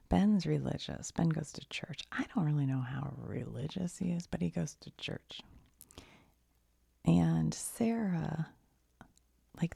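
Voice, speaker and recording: A woman chatting in soft-spoken ASMR style, rambling and giggly as she drifts between quiet speech and whispers. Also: deep voice, creaky, husky, no room sound. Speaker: ASMR creator.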